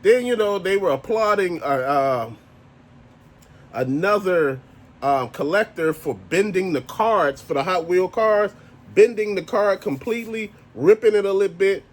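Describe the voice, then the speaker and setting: A man's voice: high-pitched, unhurried. A married man ranting casually to camera as a toy collector vlogger, blunt, profane and exasperated. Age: adult, married.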